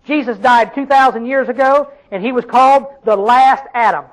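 A man's voice: very high voice, normal speed, low-quality recording. A man with a Southern American accent preaching a sermon in a folksy, emphatic way, calling out questions to his congregation.

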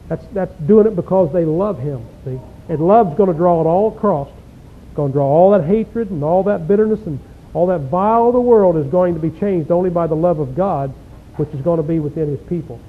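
A man preaching a sermon, reading scripture aloud and breaking in with folksy rhetorical questions. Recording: tinny phone-like lo-fi recording with faint rumble.

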